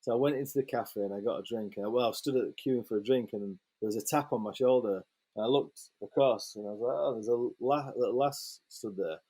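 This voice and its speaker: A man, a photographer guest telling a lively, sweary anecdote in a casual interview and acting out the quotes. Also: medium pitch, a little fast, slightly rough.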